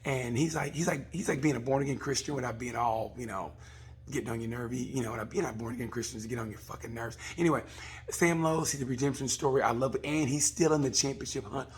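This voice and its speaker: Rambling, profane man with a very husky voice. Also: medium pitch. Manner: rambling, profane, acts out voices in quick asides. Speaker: comedian reviewing a motorcycle race. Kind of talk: casual comic monologue.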